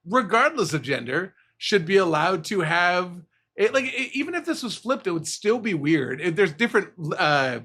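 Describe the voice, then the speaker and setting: A man's voice: high-pitched, big pitch swings, normal speed, sharp tone, breathy edge. A man co-hosting a podcast, chatting casually in a rambling, goofy way with frequent tangents. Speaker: podcast co-host. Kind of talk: casual chat.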